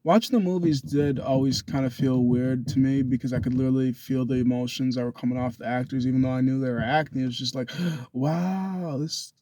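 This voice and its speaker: A man's voice: medium pitch, fairly even intonation, fast talker, dark tone, no echo. A young man rambling through a loose, profane self-recorded monologue into a phone. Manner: loose and profane, drifts between thoughts.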